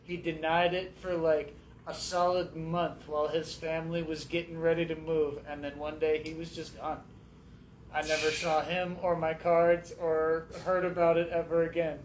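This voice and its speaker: Swearing man with a slightly higher voice. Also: flat delivery, moderate pace. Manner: profane, emphatic storytelling. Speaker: guest rapper. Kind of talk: casual radio chat. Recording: echoey room with faint noise.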